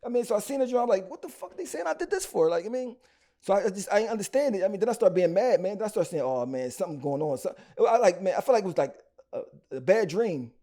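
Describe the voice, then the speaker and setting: A man with a Philly accent tells his story in quick, slangy bursts, doubling back and restarting often. His voice sits high but has a dark, mellow tone. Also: animated. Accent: Philadelphia. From Philadelphia. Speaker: rapper guest. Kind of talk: storytelling interview.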